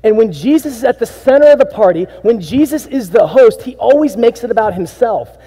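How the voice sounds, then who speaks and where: A man preaching a sermon as pastor, swinging between hushed, intimate lines and emphatic bursts. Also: very high voice, brisk, husky. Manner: animated preaching, drops to hushed tones and rises to emphatic bursts. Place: church sanctuary. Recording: sanctuary with long reverb.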